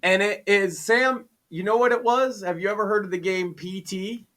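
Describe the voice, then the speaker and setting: Bright, high-voiced man telling a story. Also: moderate pace. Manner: animated retelling, acts out his own quotes. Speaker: podcast guest. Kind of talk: casual storytelling chat.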